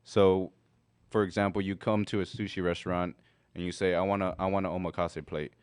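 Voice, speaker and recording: A man from a restaurant, describing dishes and their ingredients one by one in a steady, methodical way. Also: low voice, brisk, clear, resonant tone, no room sound. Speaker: restaurant representative.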